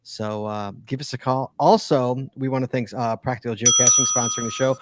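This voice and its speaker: A man's voice: medium pitch, brisk, few pauses, a little hiss or hum. A man co-hosting a casual podcast, chatty and teasing as he reads listener emails aloud. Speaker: podcast co-host.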